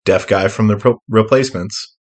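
Wry deadpan man, lower voice. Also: normal speed. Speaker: podcast co-host. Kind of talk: casual chat.

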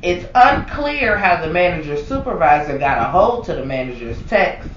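A man co-hosting a podcast in casual chat, profane and animated, ranting with lots of swearing. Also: a little high, normal speed, recorded from a distance. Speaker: podcast co-host. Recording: echoey, dull, from off-mic with faint background noise.

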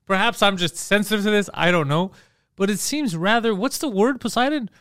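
A man's voice: high voice, a little fast, a bit bright, clean tone, no room sound. A man hosting a comedy podcast, riffing and joking crudely and laughing often. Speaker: podcast host.

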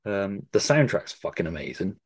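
Male podcast host, thirties, low voice, dry close sound, relaxed and sweary. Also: moderate pace, breathy edge, dry recording. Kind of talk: casual chat.

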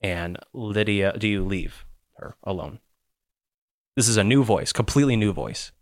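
A man's voice: fairly low pitch, lively intonation, a little slow, dry recording, clean studio sound. A man narrating as game master of a tabletop game, joking and laughing often.

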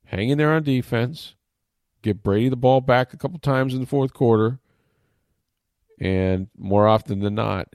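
A man giving sports talk commentary as an analyst, animated and emphatic, mocking critics with repeated phrases. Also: mid-range voice, no room sound, studio quality. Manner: animated, mock-quoting critics, emphatic repetition.

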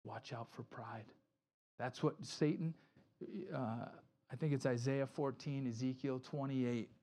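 A pastor preaching a conversational sermon, acting out quoted voices, often asking "right?" and restarting sentences. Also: male voice, mid-range voice, steady tone, measured pace, mellow.

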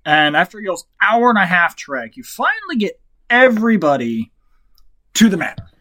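A man's voice: high-pitched, wildly swooping pitch, normal speed, pushed and bright, poor audio. A man narrating as game master of a tabletop game, in a casual, joking way.

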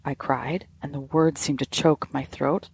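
Gravelly-voiced woman reading a ghost story. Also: sits low, fairly even intonation, unhurried, a little mellow, no echo. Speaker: podcast host and storyteller.

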